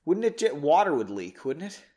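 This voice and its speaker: A man on a podcast reads his own story aloud and stops often to mock it. His delivery is sarcastic and self-deprecating, and his voice sits slightly high and swings widely. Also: sing-song, normal speed, darkish tone. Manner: self-mocking, sarcastic asides. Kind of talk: comedic reading with commentary.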